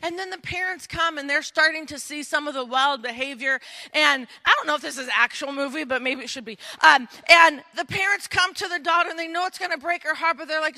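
A woman preaching an animated sermon, acting out scenes and talking straight to her audience. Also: high-pitched, normal speed. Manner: dramatic, acts out scenes, addresses audience directly. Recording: echoey hall.

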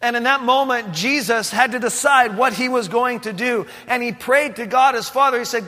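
A male pastor telling a Bible story in a sermon, with animated, dramatic delivery and frequent restarts, in a church sanctuary. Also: very high voice, moderate pace, hardly any pauses, long reverb tail.

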